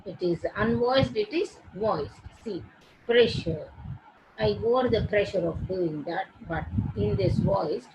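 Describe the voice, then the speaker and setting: A woman gives a recorded pronunciation lesson, sounding out each word slowly and carefully. Her pitch sits in a middle range for a woman. A steady hiss and scattered clicks run under the recording. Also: highs cut off. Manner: slow, deliberate, repeating words and sounds one by one. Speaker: English phonetics teacher.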